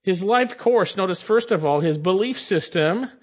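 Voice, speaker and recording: A man's voice: sits high, animated, moderate pace. A man preaching a sermon, reading scripture aloud and explaining it with emphatic repetition. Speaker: pastor.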